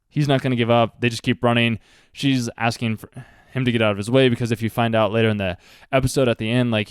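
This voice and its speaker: A man talks quickly about an anime, drifting into earnest advice and leaning on "like" constantly. His voice is clean and smooth, recorded dry and close with no room sound. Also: medium pitch, no echo. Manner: rambling, earnest, heavy use of "like". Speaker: anime reaction host. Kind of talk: casual commentary with life advice.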